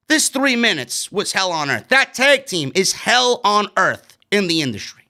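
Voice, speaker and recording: Brash New York guy with a high, bright voice, sarcastic, swearing, ranting through a show recap. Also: big pitch swings, normal speed, hardly any pauses. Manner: blunt, sarcastic, swears, rants. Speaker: wrestling show reviewer. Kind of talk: casual recap commentary.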